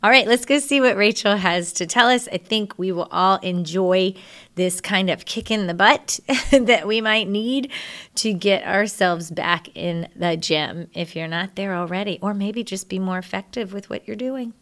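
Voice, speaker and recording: A woman's voice: mid-range voice, moderate pace, fairly bright tone. A woman from Texas with a Texas accent, hosting a podcast in a chatty, laughing manner. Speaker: podcast host. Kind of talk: casual interview.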